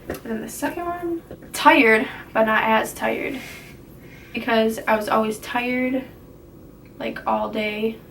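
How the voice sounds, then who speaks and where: A chatty young woman talks through a casual vlog update in a fairly high voice, rambling with fillers and breaking into giggles. The mic sits a little away from her, with faint noise behind. She keeps a loose, friendly tone. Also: gravelly, far from the mic, low-quality recording. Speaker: vlogger sharing a pregnancy update. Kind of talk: casual chat.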